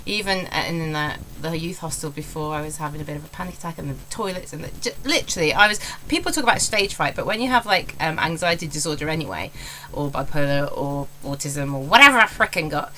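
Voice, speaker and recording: Bright-voiced English woman in her forties. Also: deep voice, expressive, fast talker, a little hiss or hum, poor audio. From England. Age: 40s. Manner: candid, rambling, self-deprecating. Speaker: stand-up comedian. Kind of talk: casual vlog monologue.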